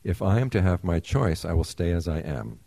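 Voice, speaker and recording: A man's voice: low voice, very animated, normal speed, vocal fry, dark tone, no echo, heavily acted. Man reading as a humble, earnest embryo. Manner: polite, careful, formal pleading.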